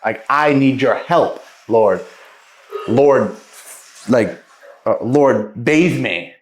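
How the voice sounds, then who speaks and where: A man's voice: mid-range voice, expressive, extremely slow, roomy sound, a little hiss or hum. A man voicing a remorseful tax collector who humbly begs God for forgiveness. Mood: pleading. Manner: pleading, humble.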